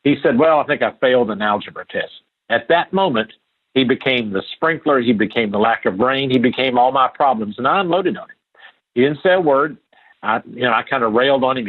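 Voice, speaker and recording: An older man with a husky, breathy voice that comes through a thin, phone-like line. He speaks earnestly and with emphasis, repeating key phrases as he tells personal stories in an interview. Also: mid-range voice, animated, fairly quick. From Appalachia. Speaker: podcast guest. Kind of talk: storytelling interview talk.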